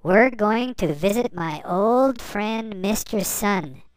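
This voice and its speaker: A woman voicing a cheerful, fast-moving comet in a bedtime story, calling out in a raised, lively voice. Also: medium pitch, smooth, dry recording. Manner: bright, raised, lively calls. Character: speedy friendly comet, cheerful and bouncy.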